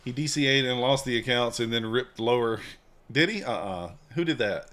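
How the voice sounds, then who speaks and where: A man's voice: mid-range voice, normal speed, a bit bright. Chill guy streaming, joking around and answering chat, plain mid voice. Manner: laid-back, joking, reads and answers chat. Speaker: livestream trading host. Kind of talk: casual live-stream chat.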